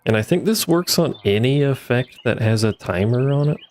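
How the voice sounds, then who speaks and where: A man's voice: medium pitch, animated, moderate pace, darkish tone, a little hiss or hum. A man giving casual, rambling commentary while he plays a game, with wry asides to himself, into a desk microphone. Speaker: streamer playing a modded block-building game.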